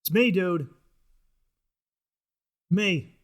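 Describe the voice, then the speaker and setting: A man hamming up a booming toilet superhero. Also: very slow. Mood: triumphant. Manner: booming, proclamatory. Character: grand heroic male superhero announcing himself.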